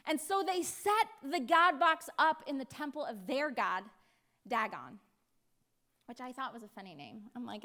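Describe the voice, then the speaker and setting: A woman's voice: high voice, lively intonation, moderate pace, sharp tone. An American woman pastor preaching a sermon in a playful way, acting out voices now and then. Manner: playful, acts out voices with laughs.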